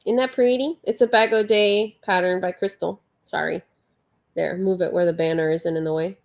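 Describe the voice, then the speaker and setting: A woman's voice: on the low side, steady tone, moderate pace, vocal fry. Chatty woman counting crochet stitches. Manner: chatty, counts stitches aloud, reads viewer comments. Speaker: livestream host. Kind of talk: casual live chat while crocheting.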